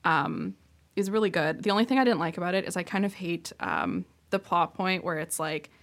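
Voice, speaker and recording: A woman's voice: lowish voice, big pitch swings, fairly quick. A woman co-hosting a podcast, retelling a show's plot in casual chat with lots of likes and ums. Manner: rambling, filler-heavy retelling. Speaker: podcast co-host.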